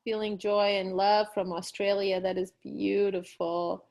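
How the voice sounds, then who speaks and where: A woman's voice: mid-range voice, level tone, measured pace, a little mellow. A woman hosting a live online stream, effusive and encouraging, reading viewer comments aloud with frequent fillers.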